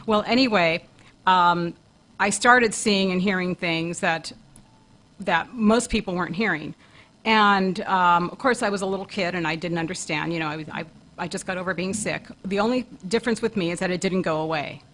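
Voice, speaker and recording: A woman's voice: on the low side, moderate pace, a bit bright, low-quality recording. A woman co-hosting a talk show who earnestly recounts a vivid personal experience, often restarting her phrases. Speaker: co-host, paranormal investigator.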